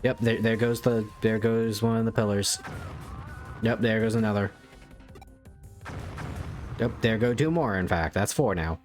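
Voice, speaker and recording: Man, gamer, reads game dialogue aloud, casual, wry, slow delivery. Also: fairly low pitch, faint music behind.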